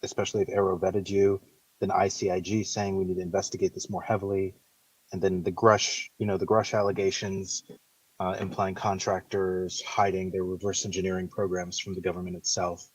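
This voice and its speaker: A very deep man with a flat, husky voice asks his question eagerly and trips over his words. He sounds set back from the mic, with a dry sound. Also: a little fast, no echo, distant mic, low-quality recording. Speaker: audience member asking a question. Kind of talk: casual question in a live audio chat room.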